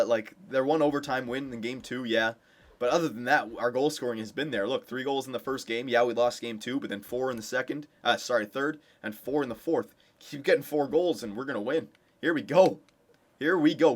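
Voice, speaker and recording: A young man giving casual commentary over a hockey video game, cheering his team on with excitement. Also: medium pitch. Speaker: gameplay commentator.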